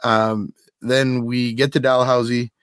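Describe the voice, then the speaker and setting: A man hosting a podcast, retelling a weekend story in an easy, animated way and breaking into laughter along the way. His voice sits in a middle register. The sound is dry, with no room echo. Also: medium pitch, slow, smooth. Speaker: podcast host. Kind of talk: casual chat.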